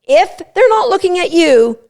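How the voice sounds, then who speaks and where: A middle-aged woman hosting a dog training podcast, animated and playful, often breaking into quick voices for what a dog might be thinking. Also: extremely high pitch, gravelly. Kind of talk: podcast teaching talk.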